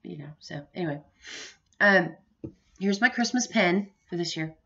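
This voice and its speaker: A middle-aged woman talking casually to the camera from her home, rambling from one thought to the next and laughing often. Her voice is bright and forward. The recording is somewhat dull and lo-fi. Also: on the low side, lively intonation, moderate pace, creaky. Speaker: vlogger. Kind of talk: casual home vlog chat.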